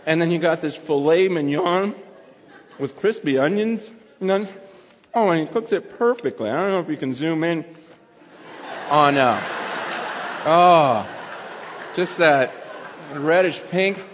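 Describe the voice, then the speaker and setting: Man, middle-aged, pastor, casual sermon, fairly high voice, dull sound, long reverb. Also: animated, measured pace, pauses often, slight background noise. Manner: chatty, laughing, talks with his mouth full. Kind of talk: casual sermon filmed at a meal.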